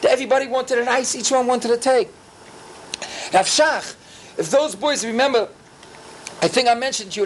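A man with a high voice gives a sermon to his students. He acts out the biblical conversations with real animation and drops Yiddish and Hebrew words freely into his English. A faint noise sits under the recording. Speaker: rabbi teaching students.

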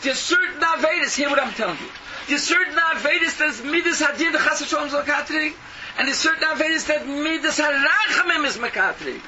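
A man preaching an impassioned sermon, scolding and firing rhetorical questions with bursts of shouting. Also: extremely high pitch, brisk. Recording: distant, dull lo-fi, noisy.

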